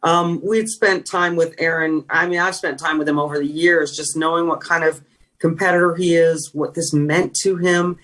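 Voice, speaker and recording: A middle-aged Californian woman, once a sideline reporter, is interviewed and tells stories earnestly, often trailing off and restarting. The talk is emotional and reflective. Her voice sits low, steady and a bit bright, at a moderate pace.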